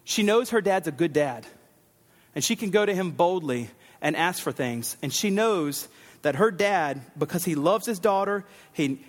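A man preaching a sermon as pastor, animated, acting out the lines of the people in his text. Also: high voice, long reverb tail. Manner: animated, acts out Bible figures' lines.

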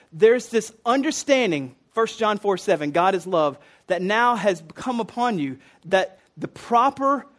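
A man preaching a sermon in a conversational, earnest way, with casual asides and fillers. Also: high voice.

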